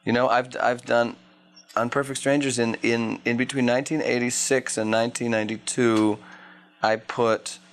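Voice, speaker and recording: At a press junket, a thirties-aged actor gives wry, meandering answers, frequently starting sentences over. He speaks at a moderate pace in a mid-range voice with little pitch movement.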